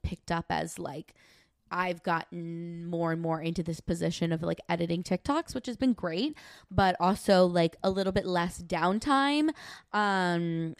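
A woman's voice: fairly low pitch, smooth, no echo, studio quality. A young woman, co-hosting a podcast in a casual, rambling chat full of fillers. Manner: chatty, rambling with many fillers. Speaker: podcast co-host.

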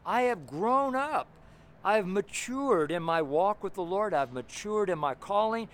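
A man preaching a fervent street sermon outdoors beside a busy road, talking loudly and emphatically. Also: high-pitched, animated, a little slow. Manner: fervent, emphatic, loud at times.

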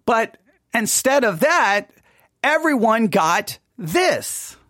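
A man hosting his own podcast, telling a story in an animated, self-mocking way. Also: very high-pitched, drawn-out words, no echo, studio quality. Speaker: podcast host. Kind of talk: casual monologue. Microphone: studio mic.

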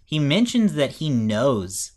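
A man's voice: medium pitch, very animated, slow, a little mellow. A man in a casual conversation about a movie, hesitant and full of fillers as he pushes back on the other side.

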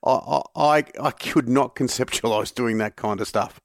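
A man's voice: medium pitch, moderate pace, gravelly, dry recording, studio quality. A man hosting a sports podcast, joking and teasing in casual chat. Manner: jokey, teasing.

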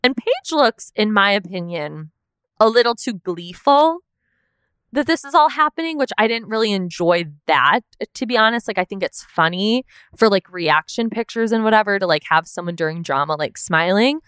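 A woman's voice: medium pitch, expressive, normal speed, fairly bright tone, clear, resonant tone, dry recording, studio quality. A young woman hosting a podcast, recapping a reality show in casual chat, full of "like" and the odd swear word. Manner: chatty, peppered with "like", swearing. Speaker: podcast host.

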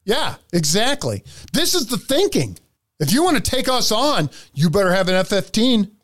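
A man's voice: high-pitched, big pitch swings, moderate pace, fairly bright tone. A man hosting a podcast, ranting profanely through heated political commentary. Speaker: podcast host.

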